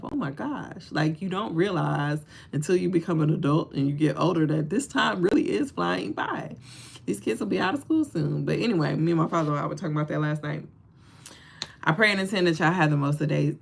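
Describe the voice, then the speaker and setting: A low-pitched, creaky, slightly rough voice belongs to a woman hosting a casual livestream. She speaks right to her viewers, animated and laughing often, with plenty of preachy encouragement.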